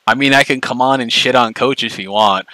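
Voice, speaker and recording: Forceful, profane man ranting on stream. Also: medium pitch, brisk, dry recording, low-quality recording. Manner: profane, mocking, confrontational. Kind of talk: angry livestream rant.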